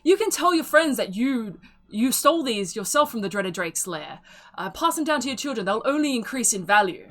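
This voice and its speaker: A woman voicing a proud female auctioneer who delivers a grandiose sales pitch to a crowd. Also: lively intonation, brisk, a bit bright. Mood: persuasive. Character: proud, showy woman auctioneer hawking wares.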